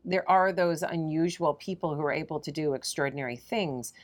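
Thoughtful woman with lower voice. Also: brisk. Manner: thoughtful, expansive explainer. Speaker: podcast co-host. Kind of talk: casual conversation on ancient history.

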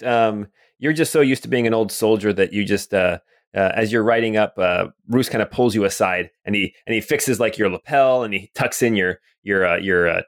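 A man running a tabletop game as game master, chatty and relaxed, narrating and explaining rules. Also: on the low side. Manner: relaxed, chatty, many fillers.

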